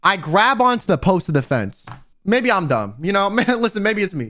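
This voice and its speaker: A young man telling a wild story to his viewers in a casual, exasperated, animated way. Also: sits high, moderate pace. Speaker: vtuber storyteller.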